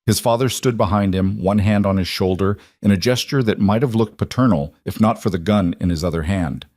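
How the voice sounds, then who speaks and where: A man narrates a crime story in a measured, tense delivery. His voice sits low and the sound is dry and close, with no room around it. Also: a little mellow, dry recording. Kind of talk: scripted dramatic narration.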